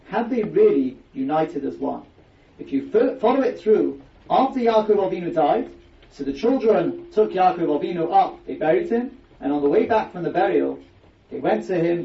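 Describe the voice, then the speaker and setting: A man giving a Torah lecture, explaining with emphatic rhetorical questions. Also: high-pitched. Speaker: rabbi giving a Torah class. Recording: echoey, distant, dull-sounding recording.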